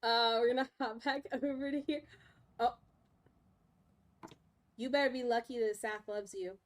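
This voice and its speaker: High-pitched young woman streaming from home, chatty, baby talks her dogs. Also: steady tone, unhurried. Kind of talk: casual live-stream chat.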